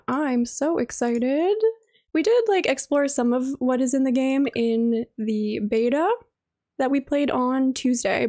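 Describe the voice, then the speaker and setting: Bubbly high-voiced woman streamer. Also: dark tone. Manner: bubbly, gushing, greets viewers by name. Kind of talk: live game stream chat.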